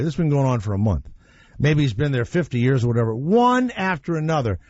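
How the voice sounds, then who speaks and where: A man's voice: medium pitch, no echo, lo-fi sound. A man hosting a talk radio show, telling stories in an opinionated, blunt way with some swearing. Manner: opinionated, animated storytelling with blunt profanity. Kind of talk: casual talk radio chat.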